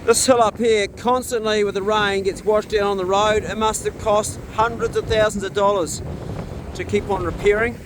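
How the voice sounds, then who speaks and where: A man with a high voice, fairly even intonation, and moderate pace gives laid-back, chatty vlog commentary outdoors and in a truck, talking to his dogs as he goes. The background is noisy.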